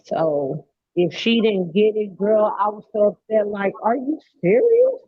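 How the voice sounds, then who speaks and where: A woman's voice: mid-range voice, sing-song, unhurried, breathy edge, dry recording. A mother in casual chat, talking in an emphatic, conversational way. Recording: dry, phone-like sound.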